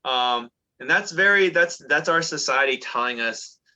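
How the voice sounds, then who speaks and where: A man talking in a chatty, animated way as co-host of a casual discussion. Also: mid-range voice, moderate pace. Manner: animated, chatty, many fillers and restarts. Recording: dull lo-fi sound.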